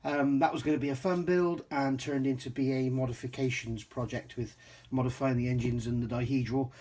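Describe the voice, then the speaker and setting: A man's voice: medium pitch, steady tone, a little fast, a little mellow. A man from England casually reviewing a scale model kit, chatty with frequent ums and self-corrections.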